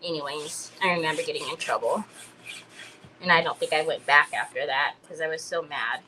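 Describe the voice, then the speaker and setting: Chatty bright-voiced woman in her fifties. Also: low-pitched, fairly quick, slight background noise, poor audio. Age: 50s. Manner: chatty, rambling, addresses viewers as y'all. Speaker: crafting livestream host. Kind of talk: casual storytelling while crafting.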